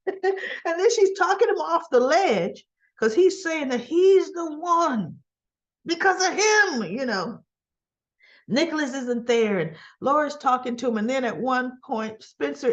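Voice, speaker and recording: A woman's voice: high voice, animated, measured pace, highs cut off. A woman casually recapping a soap opera episode, chatty and laughing often as she acts out the characters' lines.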